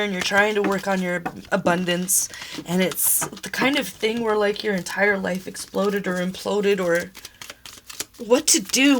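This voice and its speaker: Young adult woman reading tarot, emotional and exclamatory, average pitch, faint hiss behind. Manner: emotional, exclamatory, laughing through tears. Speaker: tarot reader.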